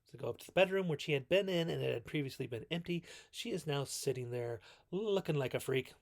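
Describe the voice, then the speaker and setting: A man's voice: on the high side, lively intonation, fast, gravelly. A man hosting a casual movie recap video, rambling and correcting himself as he goes. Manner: rambling, self-correcting, quotes characters in mock voices. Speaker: video host reviewing classic films.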